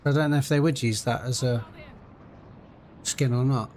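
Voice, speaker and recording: A man's voice: mid-range voice, moderate pace, noisy background. A young British man streaming a video game live, chatting casually and answering viewers while he plays. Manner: chatty, reads and answers chat while playing. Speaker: gaming livestreamer.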